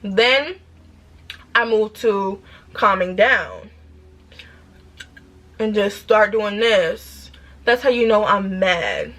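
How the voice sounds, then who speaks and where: A woman in her twenties with a New York accent, telling a storytime vlog in an animated, emphatic way with rhetorical questions. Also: mid-range voice, very slow, long pauses. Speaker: vlogger.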